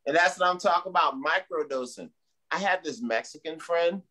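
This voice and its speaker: A man's voice: fairly high pitch, brisk. A man emceeing a comedy show, leading the audience in chants and call-outs. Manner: animated, leads crowd chants.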